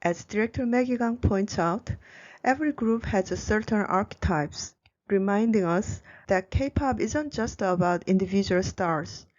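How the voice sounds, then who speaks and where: A woman giving a scripted narration as a Korean language educator, explaining in a bright, clear way. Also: mid-range voice, a little slow, highs cut off.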